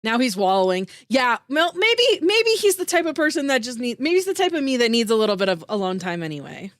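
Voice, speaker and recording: High-voiced, bubbly woman streamer. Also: very animated, a little fast, dry recording, studio quality. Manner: bubbly and giggly, heavy on "like" fillers; emotional, voice rising into teary squeals. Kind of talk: casual live-stream chat with viewers.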